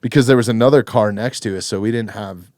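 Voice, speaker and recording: A man's voice: on the low side, fast talker, darkish tone, no room sound, clean studio sound. A man in his thirties hosting a podcast, telling stories in casual chat with lots of dude and swearing. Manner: swears freely, says dude a lot. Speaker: podcast host.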